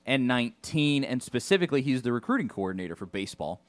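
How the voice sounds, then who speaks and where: A man's voice: mid-range voice, fast, dry recording. Guy co-hosting a sports show, bouncy voice, keeps restarting, dry close sound. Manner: animated, stumbles and restarts, laughs easily. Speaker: sports radio co-host. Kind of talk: casual sports chat.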